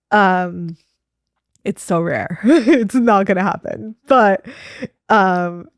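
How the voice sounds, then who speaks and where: A woman, a fertility doctor, telling stories in a casual interview, lively and laughing often, with many fillers. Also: fairly low pitch, no room sound. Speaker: fertility doctor as podcast guest.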